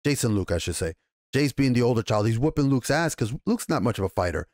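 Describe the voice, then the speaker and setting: A man with a New York accent giving a casual, profane TV episode recap and review, animated and rambling, acting out the characters' lines as he goes. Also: medium pitch, quick pace, no echo, clean studio sound. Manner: animated, profane, loose retelling with acted quotes. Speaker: TV show reviewer.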